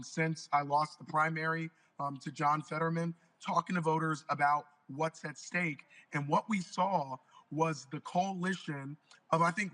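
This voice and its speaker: Man, hoarse from losing his voice, bright forceful tone, slightly high pitch, earnest interview guest. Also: poor audio. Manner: energetic, earnest political talk. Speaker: state representative guest. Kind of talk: live interview on a talk show.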